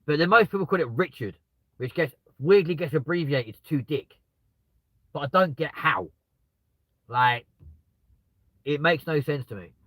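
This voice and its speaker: Lively, bright-voiced British man streaming. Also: fairly high pitch, measured pace, long pauses, no echo, poor audio. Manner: jokey, chatty, laughs at himself. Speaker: live streamer. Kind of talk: casual live-stream chat. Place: in a car with the window open.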